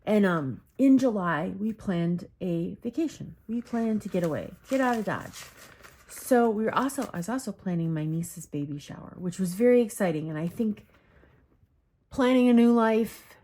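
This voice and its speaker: This woman, from Michigan, USA, has a warm mid-range voice with lively intonation and a moderate pace. Vlogging casually about her journals, she rambles, self-corrects, and uses many fillers, struggling to hold back tears.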